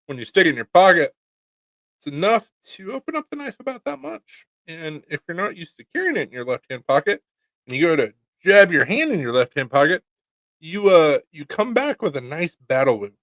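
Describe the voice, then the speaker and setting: A man's voice: a little high, very animated, a little fast, fairly bright tone, no echo. A man co-hosting a casual chat show, telling laid-back stories and swearing casually. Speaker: podcast co-host, knife maker.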